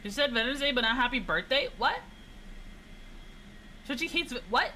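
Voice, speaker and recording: A woman's voice: high voice, expressive, normal speed, pauses often, pushed and bright, slight background noise, rough recording. A young woman streaming a flight game, chatting casually and teasing her chat in a playful way.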